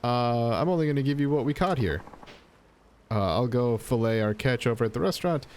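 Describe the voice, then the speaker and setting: A man's voice: mid-range voice, lively intonation, a little fast, darkish tone, slight background noise, lightly acted. A man reading out a boastful, impulsive middle-aged sushi chef from a video game in a hearty, self-assured way. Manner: hearty, self-assured, prone to grand pronouncements. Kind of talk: reading game dialogue aloud.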